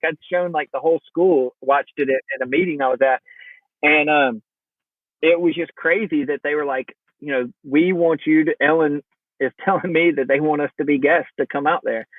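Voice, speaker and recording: In a relaxed chat, a man appearing as a podcast guest recounts a story and acts out what each person said, full of animation. His slightly high voice comes through a tinny phone line with no room sound.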